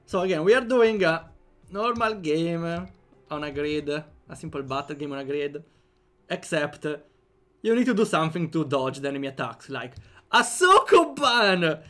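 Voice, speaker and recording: A man's voice: a little high, normal speed. A young man with an Italian accent chatting playfully on a livestream while programming, laughing often and joking with chat. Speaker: game developer streamer.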